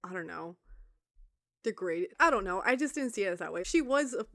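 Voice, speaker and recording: A woman's voice: on the high side, lively intonation, quick pace, fairly bright tone. A woman co-hosting a podcast in a laid-back, casual way, swearing freely and laughing often. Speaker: podcast co-host. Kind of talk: casual chat.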